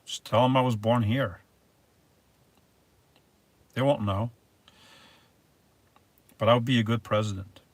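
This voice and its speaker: A man's voice: medium pitch, fairly even intonation, measured pace, pauses often, dry recording. A man hosting a casual live stream, reading viewer messages aloud and answering them in a rambling, hesitant way. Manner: rambling and hesitant, restarts words, reads viewer names aloud.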